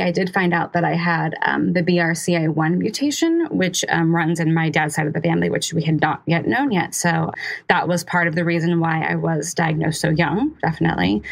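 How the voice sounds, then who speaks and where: A woman's voice: on the low side, gravelly. A woman in her thirties, a podcast guest speaking candidly in a conversational interview, laughing often. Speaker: podcast guest, cancer survivor.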